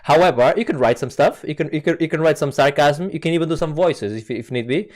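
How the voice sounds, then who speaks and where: A man's voice: fairly high pitch, fast. Chatty man hosting a podcast, stumbling. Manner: stumbling, repeats words, laughs often. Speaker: podcast host. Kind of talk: casual chat. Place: home setup, recorded over voice chat.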